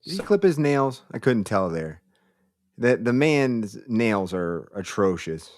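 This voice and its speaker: A man's voice: fairly low pitch, very animated, slow pace, no room sound, clean studio sound. A man hosting a commentary show, mocking clips in a crude, insulting, blunt way.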